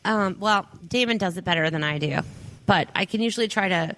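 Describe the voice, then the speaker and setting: A woman's voice: medium pitch, a little fast, fairly bright tone. Female podcast co-host from Minnesota, chatty, laughs a lot, plays along. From upper Midwest, Minnesota. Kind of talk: casual podcast chat.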